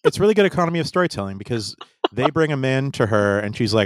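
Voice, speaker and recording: A man's voice: mid-range voice, animated, fast, no room sound, studio quality. A man in casual conversation about a book, asking questions and analyzing how the story is told. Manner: asks probing questions, analytical.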